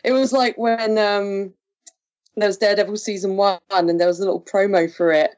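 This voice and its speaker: A woman's voice: medium pitch, fairly even intonation, normal speed, darkish tone. A woman co-hosting a casual podcast, recapping a show chattily with frequent fillers and laughs. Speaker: podcast co-host recapping episodes. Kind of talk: casual chat.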